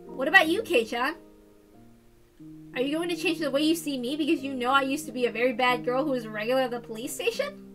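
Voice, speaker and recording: A woman's voice: sits high, fast, bright, forceful tone, faint music behind, voice pushed down. A woman voicing an earnest, loyal teenage girl who pleads with a friend in a visual novel reading. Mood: pleading.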